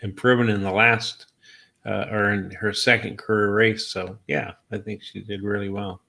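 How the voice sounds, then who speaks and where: A man with a fairly low but bright voice gives his take on each horse, citing win percentages and workouts. His delivery is measured and hesitant at times. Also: little pitch movement, creaky. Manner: measured, stats-heavy, hesitant fillers. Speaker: racing co-host. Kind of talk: horse racing analysis chat.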